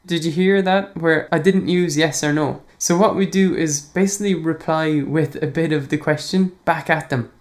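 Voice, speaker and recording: An Irish man hosting a language podcast. He answers listener questions in a casual, relaxed way, chuckling often and pausing on fillers. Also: a little high. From Ireland. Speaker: podcast host.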